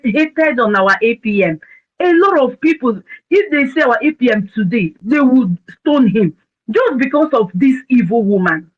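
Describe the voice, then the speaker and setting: A woman's voice: on the high side, fairly bright tone, lo-fi sound. A woman giving impassioned commentary as a speaker in an audio chat room. She repeats words for emphasis.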